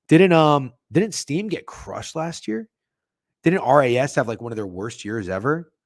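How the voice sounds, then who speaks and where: A man's voice: lowish voice, dry recording, clean studio sound. A young man hosting a sports betting stream, rambling and swearing as he reads chat comments and talks through games. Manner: profane, rambling, self-interrupting. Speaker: sports betting show host.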